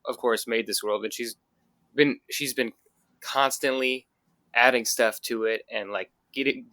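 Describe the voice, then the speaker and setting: Enthusiastic and heavy on fillers, this male podcast co-host chats casually about comics. His voice is on the low side, bright and forceful, in a dry recording.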